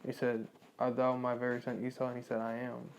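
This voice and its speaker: A man reading scripture aloud quietly and breaking off into casual spoken commentary, full of "you know". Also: completely flat delivery, a little fast, dull audio, slight background noise. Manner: quiet, low reading of scripture, louder and livelier in his asides; leans on "you know" constantly.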